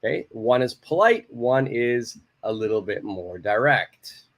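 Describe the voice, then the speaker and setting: A man's voice: mid-range voice, lively intonation, unhurried. A man teaching an English lesson live from home, reading out viewers' answers and praising them. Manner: encouraging, reads out viewers' answers and models phrases.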